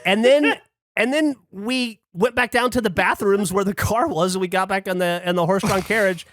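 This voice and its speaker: A man's voice: sits high, moderate pace. A man hosting a podcast, telling a story casually and animatedly, swearing often and acting out what people said. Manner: animated, swears a lot, acts out quotes. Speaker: podcast host.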